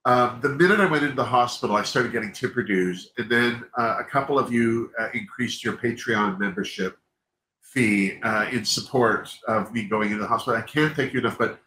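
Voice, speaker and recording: A man's voice: medium pitch, a little fast, pushed and bright. A man hosting a livestream, chatting candidly and openly emotional, often stopping and restarting his sentences. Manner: rambling, self-interrupting, openly emotional. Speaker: livestream host. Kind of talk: casual candid chat. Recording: echoey room, faint background noise.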